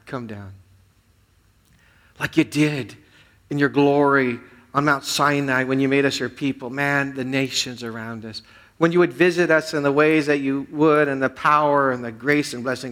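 A male pastor preaching a sermon in an earnest voice, swinging between loud pleading and hushed prayer. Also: medium pitch.

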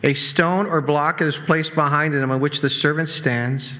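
A man preaching a sermon in a conversational way, with asides and quick laughs. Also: on the high side, steady tone, bright, forceful tone. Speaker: pastor. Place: church sanctuary.

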